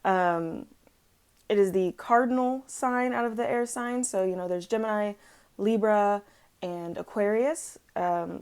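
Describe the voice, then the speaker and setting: A woman talks through a tarot reading at home. Her voice sits at an ordinary middle pitch. She rambles casually, correcting herself and filling pauses as she goes. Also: a little mellow. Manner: chatty and rambling, with frequent fillers and self-corrections. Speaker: tarot reader. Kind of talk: casual chat. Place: at home with her dog on her lap.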